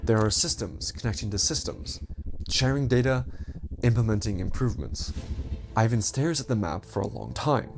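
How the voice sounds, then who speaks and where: Dramatic male narrator reading a story, soft music underneath. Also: on the low side, normal speed. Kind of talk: scripted narration.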